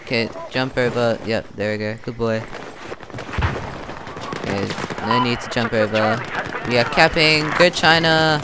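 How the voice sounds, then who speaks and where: Loud in-game gunfire fills this very noisy recording of a young Australian gaming channel host. He talks through his gameplay at a measured pace in a mid-range voice, pausing often as he narrates his own moves.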